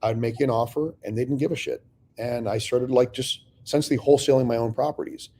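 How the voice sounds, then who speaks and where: Middle-aged man, warm mellow voice, casual storytelling, swears freely, acts out the dialogue. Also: mid-range voice, quick pace. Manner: profane, animated storyteller acting out dialogue. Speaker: real estate investor telling his story.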